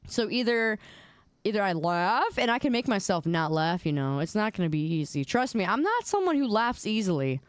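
A woman's voice: medium pitch, big pitch swings, moderate pace, smooth, no echo. A woman streaming, chatting casually and reacting to memes with playful, mock-indignant whining and teasing.

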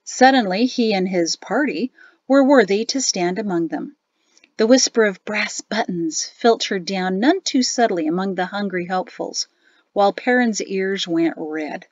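A woman's voice: mid-range voice, moderate pace, darkish tone, no echo, highs cut off. Woman narrating an audiobook. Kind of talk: scripted narration.

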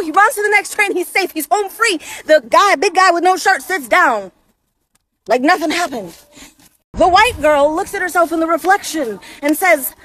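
A woman with a very high, bright-pitched voice tells a comic story. She exclaims and acts out each moment in an animated storytime manner. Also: moderate pace, a little hiss or hum.

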